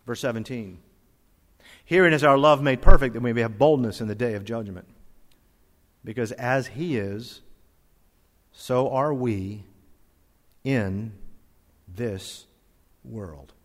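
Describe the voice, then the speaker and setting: Male preacher mid-sermon, emphatic delivery with sudden drops to a hush, recorded in a reverberant hall. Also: mid-range voice, a little slow, pauses often. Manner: emphatic, swings from loud to soft, reads scripture aloud. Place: church hall with congregation.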